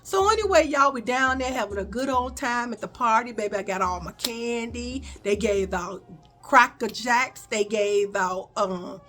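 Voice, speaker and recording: A woman spinning a casual storytime to her viewers, lively and chatty, tossing in y'all and baby as she goes. Her voice sits a little high, and soft music runs faintly underneath. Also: moderate pace. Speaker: storyteller vlogger.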